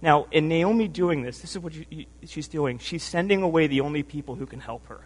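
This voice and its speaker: A man's voice: a little high, a little fast. Earnest, emotional male preacher in a hall. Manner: emotional, earnest, with many restarts and "right?" tags. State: tired from lack of sleep. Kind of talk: sermon. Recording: long hall reverb.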